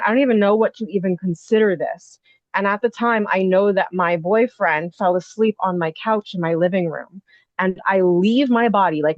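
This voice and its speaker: A woman in her thirties tells her story in an animated, rambling way, piling on fillers and asides. Her voice sits at a middle pitch. The sound is dull and muffled, with no room echo at all. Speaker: podcast guest. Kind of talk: casual storytelling.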